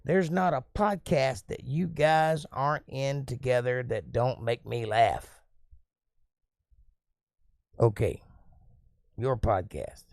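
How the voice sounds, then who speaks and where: A man's voice: mid-range voice, slow pace, creaky, pauses often, no echo. Chatty male live-stream host, dry sound. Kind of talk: casual live-stream chat, reading comments aloud.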